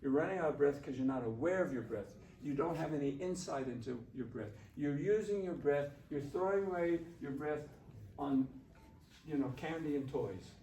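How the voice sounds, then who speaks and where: A man leading a shakuhachi workshop, coaching students on their breathing in a relaxed, encouraging way. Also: fairly high pitch, normal speed. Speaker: shakuhachi teacher. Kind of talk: workshop instruction. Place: classroom. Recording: roomy, distant mic, faint room noise.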